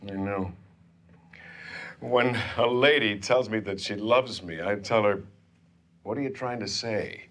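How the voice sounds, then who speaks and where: Guy doing a low-voiced neurotic patient, mopey and self-pitying, comedy sketch. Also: a little slow, long pauses, a bit bright. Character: neurotic male patient confessing to a doctor.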